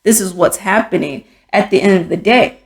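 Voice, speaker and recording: A podcast host offers casual commentary in a frank, exasperated way, full of fillers and restarts. Her voice is medium in pitch at a moderate pace, recorded in an echoey room.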